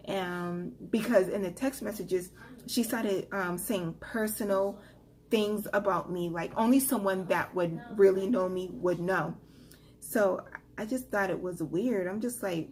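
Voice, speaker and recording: A young woman telling a personal story in a casual vlog, chatty and animated, with many fillers. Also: mid-range voice, a little slow. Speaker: vlogger.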